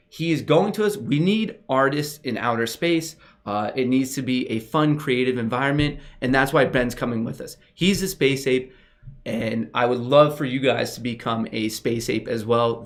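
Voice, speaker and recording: A young man hosts a livestream in a casual, excitable way. He gushes over what viewers send in and talks right to them. His voice sits at an everyday middle pitch for a man. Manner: excitable, gushing, talks to chat directly. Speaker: livestream host.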